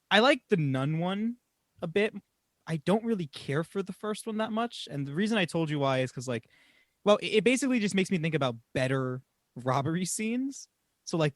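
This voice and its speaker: A young man co-hosting a casual movie podcast, animated and swearing, often laughing and mocking what he watched. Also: a little high, a little fast, dry recording, studio quality. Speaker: podcast co-host. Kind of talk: casual film review chat.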